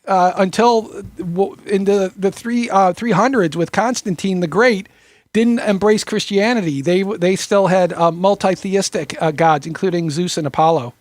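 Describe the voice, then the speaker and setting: Man, discussion participant, high voice, halting and full of fillers, lecturing tone, dry close sound. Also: no echo. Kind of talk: casual group discussion.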